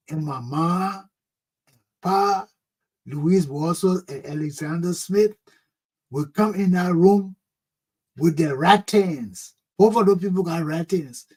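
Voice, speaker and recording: A man's voice: on the high side, a little mellow, husky, rough recording. A man hosting a talk show, telling a childhood story with a lot of feeling and teaching a parenting lesson, often exclaiming "oh, man".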